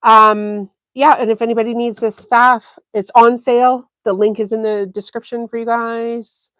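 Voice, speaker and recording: A woman's voice: a little high, moderate pace, no room sound, clean studio sound. Chatty woman telling stories on a sewing livestream. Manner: chatty storyteller with frequent fillers; animated, acts out quoted dialogue. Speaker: sewing channel host. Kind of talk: casual livestream chat.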